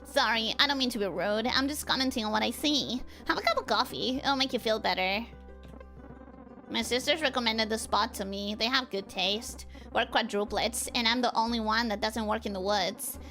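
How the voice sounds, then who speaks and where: A woman voicing a chatty, friendly young woman in a game, speaking in a lower, softer voice than her own. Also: moderate pace, soft background music. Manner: low, soft, quiet delivery.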